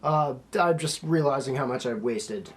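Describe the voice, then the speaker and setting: A man's voice: medium pitch, normal speed. A young man from Canada hosting a casual unboxing vlog, rambling and swearing, cold and a little tipsy. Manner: laid-back, rambling, swears freely. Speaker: YouTuber host.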